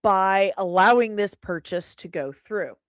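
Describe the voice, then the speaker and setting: A woman hosting an opinionated commentary show, sarcastic and quick to laugh. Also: medium pitch, no room sound, studio quality. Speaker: host. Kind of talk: casual commentary.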